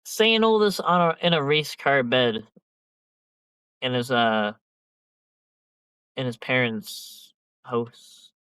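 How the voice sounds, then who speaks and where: A young man talking loosely on a podcast, rambling through slang, swearing and a lot of filler. His voice sits at an ordinary middle pitch. It is recorded close and dry, with almost no room sound. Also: takes it slowly, pauses often, bright, forceful tone, clear, resonant tone, dry recording, poor audio. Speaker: podcast host. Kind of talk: casual chat.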